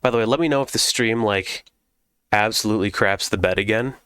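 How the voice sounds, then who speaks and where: A man streaming a video game, chatting casually and relaxed with his viewers. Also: lowish voice, fairly quick, clean tone, dry recording. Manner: relaxed, chatty, talks to chat.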